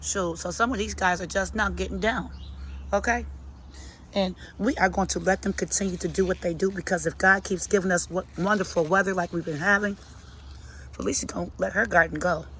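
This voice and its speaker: A woman's voice: on the low side, steady tone, brisk, fairly bright tone, a little hiss or hum. A middle-aged woman, chatting sassily to her plants and viewers while she walks through her outdoor garden on a phone camera. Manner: chatty, sassy, talks to herself and her plants. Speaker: gardening vlogger. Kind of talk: casual garden tour chat.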